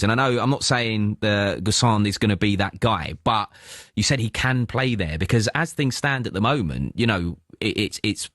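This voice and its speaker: Chatty radio host, lowish voice. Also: male voice, no room sound, studio quality. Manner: chatty, lively questioning. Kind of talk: radio sports talk.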